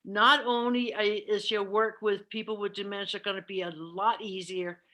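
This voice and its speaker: A woman's voice: mid-range voice, flat delivery, normal speed, sharp tone. Earnest woman trainer, repeating herself. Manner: earnest, self-correcting, repeats words. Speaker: caregiving trainer. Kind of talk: presentation with discussion.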